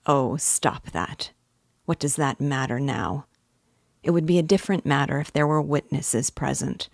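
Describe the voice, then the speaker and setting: A woman's voice: a bass voice, measured pace, creaky, dry recording, studio quality, heavily acted. A woman reading as a shrewd, insistent male magistrate. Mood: calmly pressing. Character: shrewd middle-aged male magistrate, probing.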